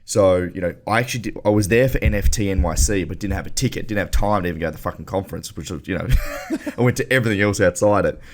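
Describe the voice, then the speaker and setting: A man hosting a podcast in a relaxed, laid-back chat with casual swearing. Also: low voice, fast. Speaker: podcast host.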